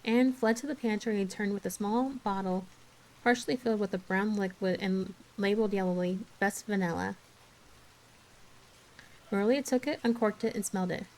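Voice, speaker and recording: A woman narrating a classic novel in a soft, even storytelling manner for an ASMR book reading. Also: mid-range voice, a little fast, poor audio. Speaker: ASMR reader.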